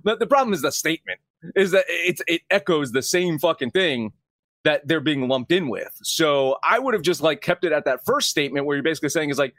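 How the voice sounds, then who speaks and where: A man co-hosting a casual sports betting podcast, animated and profane, rambling with restarts. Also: a little high, brisk, dry recording, studio quality. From Irish heritage. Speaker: podcast co-host.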